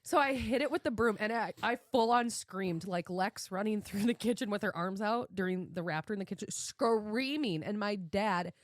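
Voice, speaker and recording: A woman in her thirties co-hosting a podcast, telling a story in casual chat, animated and laughing often as she acts out what she said. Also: medium pitch, normal speed, hardly any pauses, no room sound, studio quality. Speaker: podcast co-host.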